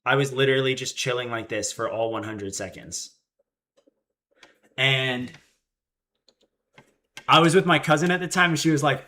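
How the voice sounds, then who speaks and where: A young man in his twenties chats casually with his stream audience. His voice is bright and a bit tense, and he tells his stories with animation, acting out the quotes. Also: mid-range voice, steady tone, moderate pace, long pauses. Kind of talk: casual livestream chat.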